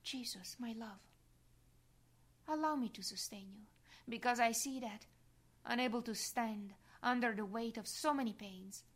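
A woman reading a devotional meditation aloud in a hushed voice that often drops to a whisper. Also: mid-range voice. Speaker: reader.

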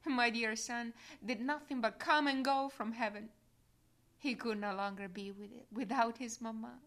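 A woman voicing a tender, motherly heavenly queen in a slow, gentle devotional reading that drops to soft whispers. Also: on the high side, natural voice.

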